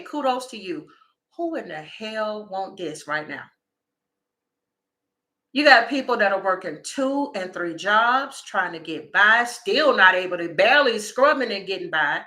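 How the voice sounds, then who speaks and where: A woman, doing a casual livestream tarot reading and talking straight to her viewers in a chatty, animated way. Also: mid-range voice, moderate pace. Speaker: tarot reader.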